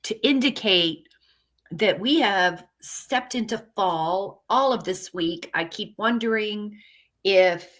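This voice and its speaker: A woman's voice: medium pitch, slow, a bit bright. A woman chatting cheerfully as a panelist on a live stream. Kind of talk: casual chat.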